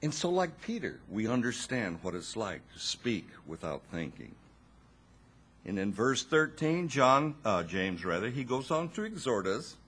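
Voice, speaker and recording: A man preaching a sermon, slow and expressive, with dramatic pauses and wry asides to his listeners. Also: medium pitch, husky.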